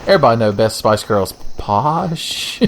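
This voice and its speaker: A man's voice: mid-range voice, lively intonation, a little slow, a little hiss or hum. A young man giving casual, profane, joking let's-play commentary as he plays a game. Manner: profane, joking, rambling asides. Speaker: gaming channel host.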